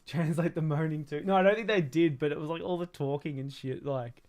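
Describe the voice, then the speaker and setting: A man's voice: on the high side, brisk, darkish tone. A man in his thirties chatting casually to his stream while building a toy kit, rambling, swearing and laughing often. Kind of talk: casual livestream chat.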